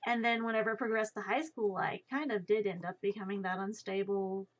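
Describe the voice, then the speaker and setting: A young woman chats from home on a live stream while she draws, rambling along, poking fun at herself, and swearing offhandedly. Her voice sits at a medium pitch with fairly even intonation, and she talks briskly. The dull lo-fi stream mic gives it a muffled quality.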